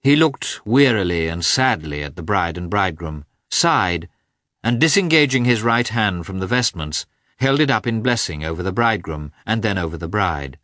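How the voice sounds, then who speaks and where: A man reading a classic novel aloud as an audiobook narrator, in a measured, even manner. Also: sits low, dry recording, studio quality.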